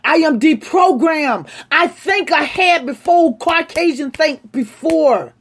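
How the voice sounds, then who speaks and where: A woman delivering an impassioned, angry rant straight to her audience, speaking forcefully. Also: sits high, lively intonation, takes it slowly. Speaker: vlogger. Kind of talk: impassioned direct-to-camera rant.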